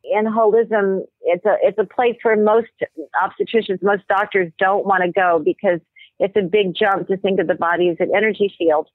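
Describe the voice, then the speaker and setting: A woman, a medical anthropologist guest, explaining ideas and telling stories in a measured way with thoughtful pauses. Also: medium pitch, fairly even intonation, dry recording. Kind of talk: explanatory interview talk. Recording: tinny phone-line audio.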